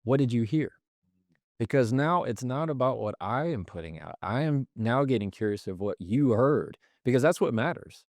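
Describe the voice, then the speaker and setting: A man with a fairly low voice talks as a podcast guest, walking through everyday examples and slipping into the voices of people he quotes. He is close to the mic in a dry, dead-sounding room. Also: a little mellow, no room sound. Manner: explains with examples, acts out quoted lines. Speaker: podcast guest, communication expert. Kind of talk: conversational explanation.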